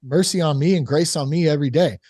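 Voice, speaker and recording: A man casually telling a candid personal story about fatherhood and recovery, animated, full of "like" and "you know". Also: on the high side, fast, dry recording, studio quality. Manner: candid, animated, acts out quoted voices; frequent fillers like "like" and "you know". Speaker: sober father on a recovery podcast.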